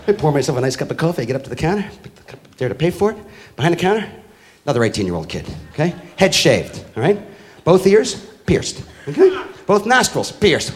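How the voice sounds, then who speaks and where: A middle-aged man doing a profane stand-up comedy routine on stage, ranting loudly and acting out the people in his stories. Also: on the high side, slight background noise. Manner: loud, ranting, profane, acts out characters. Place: comedy stage before a live audience. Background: crowd laughing.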